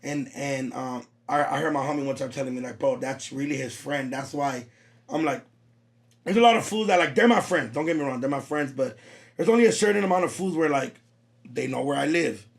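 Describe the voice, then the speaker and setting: A man's voice: mid-range voice, a little fast, vocal fry. A young man hosting a podcast, telling stories in a casual chat and acting out quotes with a lot of energy. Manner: animated storytelling, acts out quotes. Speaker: podcast host.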